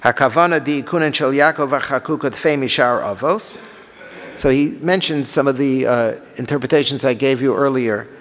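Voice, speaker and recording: A man teaching as a rabbi, reading Hebrew lines and explaining them, moving between quiet explanation and passionate pleading cries. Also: medium pitch, moderate pace. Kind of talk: Torah lecture on liturgical laments. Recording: long hall reverb.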